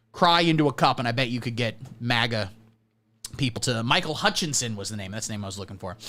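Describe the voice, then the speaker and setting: Deadpan man with a lively voice. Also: mid-range voice. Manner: deadpan absurdist, mock-conservative persona. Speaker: livestream host. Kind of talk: satirical comedy livestream rant.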